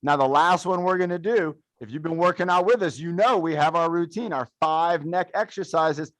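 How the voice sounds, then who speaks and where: Young male fitness coach, upbeat and encouraging, slightly high voice, dry close sound. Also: moderate pace, fairly bright tone, no echo. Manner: upbeat, encouraging, playful counting and cueing. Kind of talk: live adaptive fitness class instruction. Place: fitness studio.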